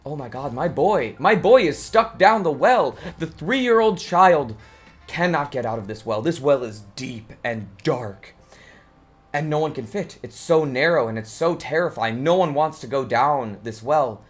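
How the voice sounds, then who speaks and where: A man's voice: medium pitch, moderate pace, natural voice. A man voicing a frantic wailing mother. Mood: panicked. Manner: frantic, pleading. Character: panicked farm mother, wailing for her son.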